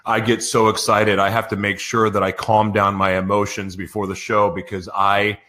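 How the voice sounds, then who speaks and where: A man's voice: on the low side, little pitch movement, moderate pace, pushed and bright. A man hosting a live radio show, giddy and emotional, stumbling over his intros with laughs. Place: broadcast studio.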